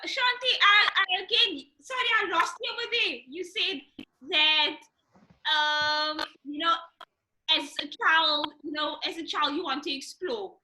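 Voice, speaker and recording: Very high, bright South African woman host. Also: a little slow, low-quality recording. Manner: chatty, apologetic, laughs often. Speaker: talk show host. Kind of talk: casual chat. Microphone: video call.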